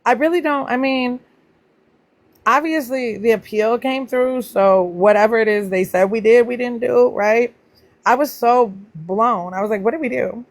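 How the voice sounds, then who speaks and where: Chatty woman hosting a livestream. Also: unhurried. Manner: chatty, greets viewers by name, playful teasing; pitch jumps up high when greeting people. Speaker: livestream host. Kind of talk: casual livestream chat with viewers.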